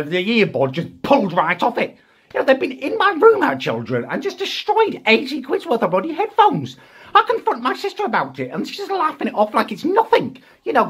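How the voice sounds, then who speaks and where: A young man in a comedic rant, exasperated and indignant, with sudden high-pitched outbursts. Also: a bit bright, breathy edge. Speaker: comic ranting character.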